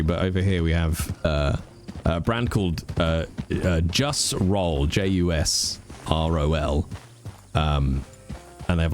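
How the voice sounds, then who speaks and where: A man streaming a game, chatting casually, animated and swearing freely as he rants. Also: deep voice.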